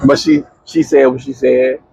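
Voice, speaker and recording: A young man, chatting casually as a podcast co-host and telling a story with lively, slangy quoting. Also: medium pitch, moderate pace, creaky, highs cut off, a little hiss or hum. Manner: animated, slangy storyteller who acts out quotes.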